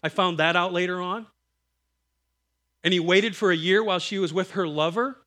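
In a high-pitched voice at normal speed, a middle-aged man preaches, recounting family stories. He plays out the quoted voices in a lively way and laughs as he goes.

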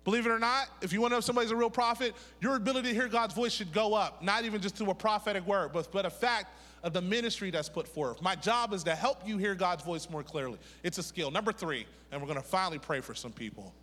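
A man's voice: sits high, fast talker. A middle-aged man from Pittsburgh preaching a sermon as a pastor and prophet, joking and calling on the congregation to repeat after him. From Pittsburgh, USA. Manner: lively, joking, calls on the congregation to repeat words. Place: church sanctuary. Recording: echoey hall reverb.

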